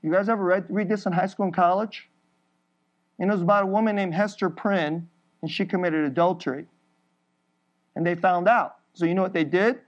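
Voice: medium pitch, fairly even intonation, brisk, pauses often, muffled recording. A preacher giving an emphatic sermon, building through repeated phrases and laughing briefly between points.

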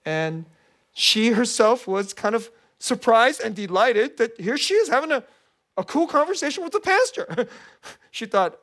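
A pastor giving a sermon in an animated, conversational storytelling manner. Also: mid-range voice, a little slow.

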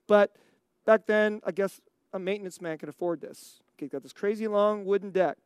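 An American preacher telling a story in a sermon, animated, acting out scenes and laughing often. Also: mid-range voice, brisk, smooth, no echo, clean studio sound. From United States.

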